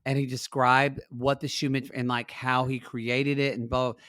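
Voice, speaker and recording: A man's voice: mid-range voice, level tone, normal speed, a bit bright, dry recording, clean studio sound. A man co-hosting a podcast, talking through a reality show in an earnest, openly emotional way. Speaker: podcast co-host. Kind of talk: casual recap chat.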